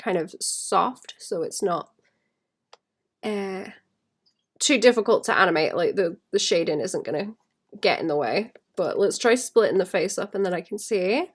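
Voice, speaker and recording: A woman talks casually while she draws on a stream. Her voice sits at a middle pitch. She rambles, thinks aloud and often breaks into soft laughs. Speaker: illustrator streaming while drawing. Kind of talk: casual chat while drawing.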